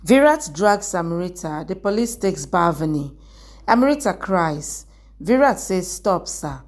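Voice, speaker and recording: A woman's voice: lowish voice, very animated, a little slow. Woman narrating a drama recap. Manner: short plain sentences in a level voice.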